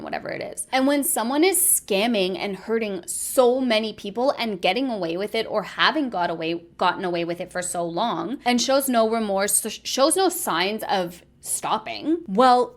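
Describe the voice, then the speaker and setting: A woman talking through an influencer drama in a critical, sarcastic, conversational way. Her voice sits at an ordinary middle pitch, and she sounds like she is speaking straight to her viewers. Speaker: commentary YouTuber. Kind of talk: opinionated commentary.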